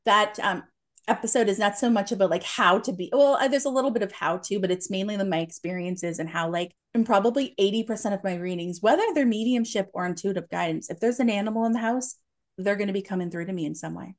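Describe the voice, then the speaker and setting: A woman's voice: mid-range voice, fast. A young adult woman, a medium, chatting eagerly and telling stories with many fillers and restarts. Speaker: medium, podcast guest. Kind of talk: casual chat.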